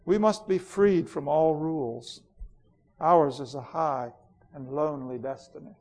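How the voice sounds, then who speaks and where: A man's voice: fairly high pitch, measured pace, a little mellow. A man voicing a cold, ruthless queen in a dramatic storybook reading, in an imperious, declamatory manner. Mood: cold, scornful. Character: proud, cold, ruthless ancient woman queen.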